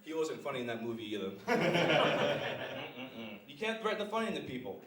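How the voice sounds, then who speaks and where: A man's voice: on the high side, big pitch swings, moderate pace, heavy background noise. A young man performing crude stand-up, laughing at his own jokes. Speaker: stand-up comedian. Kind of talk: live stand-up routine. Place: small comedy club stage. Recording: roomy live venue from far off.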